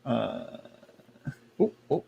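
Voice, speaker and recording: A man's voice: drawn-out words, warm tone, dull audio, slight background noise. A man doing a live tarot reading stream, chatty and campy, laughing often and calling viewers "girl". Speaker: tarot reader.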